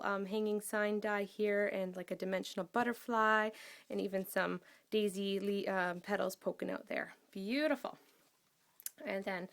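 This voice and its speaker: Gushing woman showing off a scrapbook. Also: medium pitch. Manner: enthusiastic, gushing, with many ums. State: out of breath. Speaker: craft vlogger. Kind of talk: casual show-and-tell of a scrapbook album.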